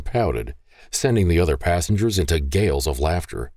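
Deep-voiced guy reading a romance novel, expressive, dry studio sound. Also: fairly quick, no room sound. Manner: expressive, storytelling. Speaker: audiobook narrator. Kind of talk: scripted narration.

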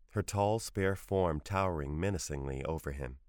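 Deep-voiced male audiobook narrator. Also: moderate pace, a little mellow, no echo, studio quality. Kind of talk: audiobook reading of a short story.

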